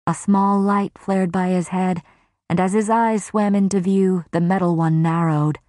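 Low-voiced woman narrating a dark novel. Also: steady tone, moderate pace, no echo, studio quality. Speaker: audiobook narrator. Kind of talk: first-person fantasy novel narration.

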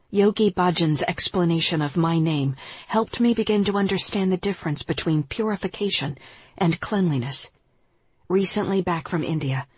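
A yoga teacher reads her spiritual writing aloud in a calm, measured, reflective way. Her voice is low for a woman and very breathy and husky. The sound is close and dry, with no room echo. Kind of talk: reading spiritual nonfiction aloud.

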